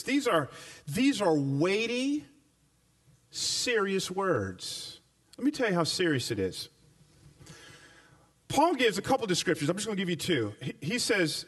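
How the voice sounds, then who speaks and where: A male pastor preaching a sermon, animated and full of repeated phrases, telling folksy, humorous stories to his congregation. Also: high-pitched, normal speed, pauses often. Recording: voice picked up from a distance.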